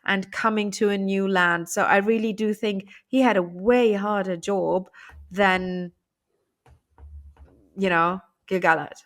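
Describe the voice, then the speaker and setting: A woman co-hosting a casual chat, talking with many fillers and quick affirmations. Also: mid-range voice, steady tone. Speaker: co-host discussing Tolkien lore.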